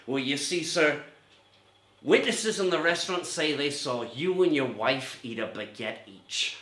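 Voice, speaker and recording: A man on a comedy stage impersonating a rumpled, dogged TV police lieutenant, talking in a slow, quiet drawl that keeps circling back with "sir" and "you see.". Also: fairly high pitch, expressive. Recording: roomy club echo.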